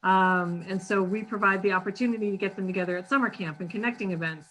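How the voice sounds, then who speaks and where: Earnest woman guest speaker, bright voice, upbeat, faint hum behind. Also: mid-range voice, fast, low-quality recording. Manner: upbeat, earnest, filler ums. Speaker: charity founder and guest speaker. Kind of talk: short charity talk.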